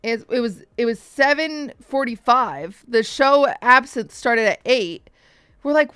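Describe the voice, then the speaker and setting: A woman streamer telling a story to her chat in a casual, animated way, swearing often and acting out the voices of people she quotes, with hiccups. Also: fairly high pitch, normal speed, clear, resonant tone, dry recording, studio quality, faint music behind.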